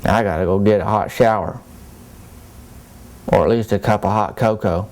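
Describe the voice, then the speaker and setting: A man with a rather low voice and a drawl spins a rambling small-town yarn. His talk is folksy and plain, full of country turns of phrase. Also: moderate pace, a little mellow. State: soaked and cold. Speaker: comedic character monologue.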